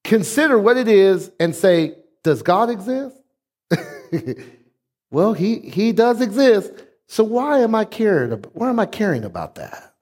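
High-voiced preaching pastor. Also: male voice, very animated, a little slow, a little mellow, husky. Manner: emphatic preaching with call-and-response. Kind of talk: sermon.

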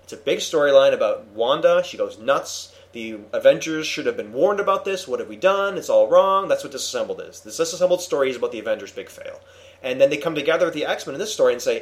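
A man hosting a casual comics discussion, retelling a story with animated enthusiasm and many restarts. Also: mid-range voice, fast talker. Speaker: podcast host reviewing comics. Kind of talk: casual chat.

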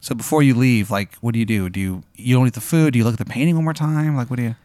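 A young man tells a comedy story as he goes, playful and vivid, often pausing on "uh" and "like." His pitch sits mid-range and the sound is dry and close. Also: darkish tone, no room sound. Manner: vivid, playful, dramatic narration with hesitant fillers. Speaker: co-host.

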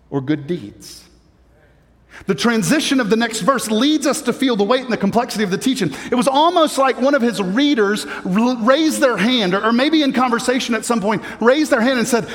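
A high-pitched male pastor delivers a sermon, rising into emphatic stretches and doubling words as he thinks aloud. His voice rings out with a long reverb, as in a large church hall. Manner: preaching with rising emphasis, frequent repeated words.

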